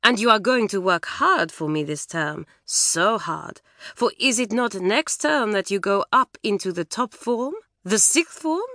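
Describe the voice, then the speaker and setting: A woman voicing a plump, effusive middle-aged French schoolmistress with a French accent, loud and exclamatory. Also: mid-range voice, expressive, unhurried, no room sound, studio quality, pitched above the performer's own voice. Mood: fussing. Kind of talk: audiobook character voice.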